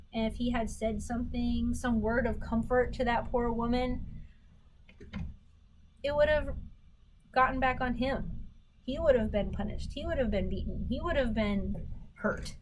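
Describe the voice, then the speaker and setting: A woman's voice: fairly high pitch, a little hiss or hum, poor audio. A woman teaching a history lesson, who reads quotations from documents aloud and asks questions that she then answers herself. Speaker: history instructor. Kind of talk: recorded lecture on primary documents.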